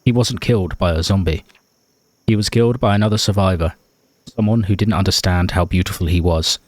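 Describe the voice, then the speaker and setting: A man's voice: low-pitched, fairly quick, a little mellow, no room sound, lightly acted. A man reading as a grieving survivor. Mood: solemn. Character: grieving male survivor writing a grave note.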